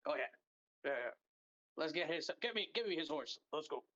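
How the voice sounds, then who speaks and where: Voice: mid-range voice, animated, brisk, fairly bright tone, lightly acted. A brusque, short-tempered bandit captain, voiced by a tabletop player. The captain snaps out curt orders and clipped replies. The sound comes through a dull, lo-fi mic. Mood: impatient.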